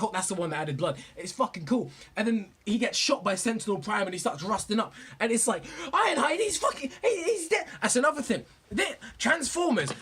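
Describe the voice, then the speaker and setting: A young man gushing about movies in a profane, rambling, excited rant. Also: high-pitched, husky. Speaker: vlogger.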